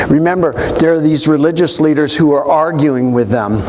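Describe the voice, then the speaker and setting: A male pastor preaching a sermon in a church, telling the story in an animated way with quoted voices. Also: on the high side, normal speed, hardly any pauses, a little hiss or hum.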